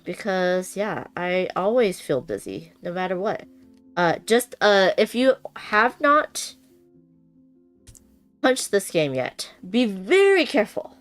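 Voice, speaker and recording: A woman chatting casually with her live-stream viewers while unboxing a board game, bubbly, laughing often and using many fillers. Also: fairly low pitch. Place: home room with noisy bathroom upstairs.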